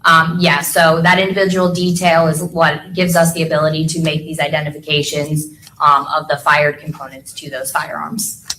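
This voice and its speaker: A woman's voice: low-pitched, flat delivery, normal speed, bright, forceful tone, slight background noise, rough recording. A young woman testifying in court as a firearms examiner, explaining patiently with everyday analogies and frequent ums.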